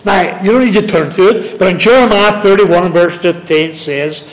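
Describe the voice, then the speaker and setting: Man, Bible teacher, sermon delivery, deliberate word-by-word emphasis, reverberant hall. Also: high voice. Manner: slow and deliberate, stressing words one at a time. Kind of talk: sermon-style Bible study. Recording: long reverb of a large hall.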